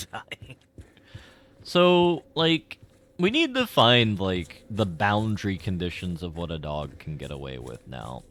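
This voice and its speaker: A man's voice: lowish voice, fairly bright tone. A man streaming a game, rambling and joking with his chat in casual commentary. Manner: rambling, jokey, talks to chat.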